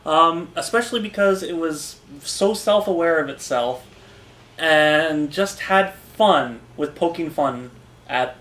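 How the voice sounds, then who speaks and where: A man's voice: fairly high pitch, slow, a bit bright. A man co-hosting a podcast, chatting casually about comics in an easygoing way and chuckling often. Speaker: podcast co-host. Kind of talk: casual comic review chat. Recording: roomy echo.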